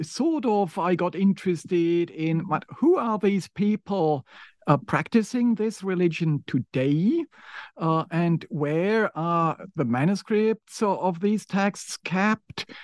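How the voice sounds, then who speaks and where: Slow, hesitant man with non-native English. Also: fairly high pitch, a little mellow, dry recording. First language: not English. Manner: hesitant, many filler sounds, thoughtful. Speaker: guest author. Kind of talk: interview conversation.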